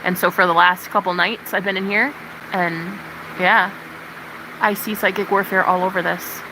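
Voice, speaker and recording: A woman livestreamer ranting to her chat in casual, profane, animated talk. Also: medium pitch, moderate pace, background noise.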